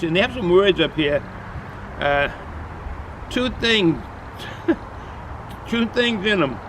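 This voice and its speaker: His voice is fairly high-pitched against a noisy background. Out in the cold, this rambling New England man from Boston reviews beer in a casual vlog, chatty, repetitive, and full of fillers.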